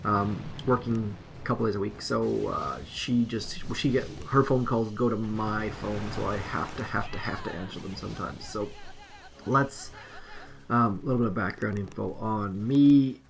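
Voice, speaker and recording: A man's voice: lowish voice, normal speed, gravelly, a little hiss or hum. A man casually commenting as he plays a mobile strategy game, rambling and self-deprecating. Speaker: mobile game video host.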